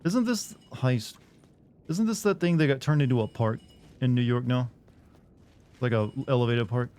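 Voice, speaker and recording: A man's voice: medium pitch, normal speed, a little mellow. Rambling joking male game streamer. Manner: rambling, joking, crude asides to chat. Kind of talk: casual gaming commentary.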